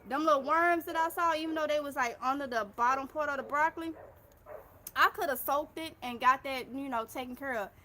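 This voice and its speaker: Gardening livestream host, woman in her 30s, Mississippi drawl, high and bright, chatty, talks to y'all. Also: a little fast, a little hiss or hum. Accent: Mississippi Southern US. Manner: chatty and effusive, addresses viewers as y'all. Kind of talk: casual livestream chat, reading viewer comments aloud.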